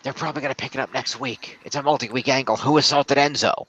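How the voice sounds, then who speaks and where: A man co-hosting a casual podcast, summarizing the week's wrestling in quick run-on sentences and swearing offhandedly. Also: medium pitch, steady tone, fairly bright tone, slightly rough, no echo. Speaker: podcast co-host recapping wrestling. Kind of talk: casual recap chat.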